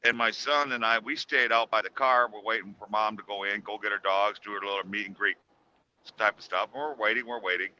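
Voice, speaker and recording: A middle-aged man telling a ghost story on a call in a casual, rambling way with halting restarts. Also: on the low side, fairly even intonation, sharp tone, highs cut off, slight background noise.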